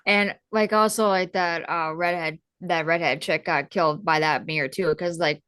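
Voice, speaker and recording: A woman's voice: lowish voice, steady tone, normal speed, fairly bright tone, smooth, dry recording. A woman co-hosting a podcast, chatting loosely about a film with many fillers. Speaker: podcast co-host. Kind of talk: casual film chat.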